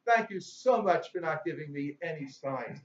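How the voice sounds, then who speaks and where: A man's voice: on the high side, expressive, moderate pace, close to an everyday voice. Homer Simpson, as a man tells it chatty and eager. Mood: chatty, oblivious. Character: bumbling cartoon everyman praying to God. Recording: echoey hall, dull lo-fi sound.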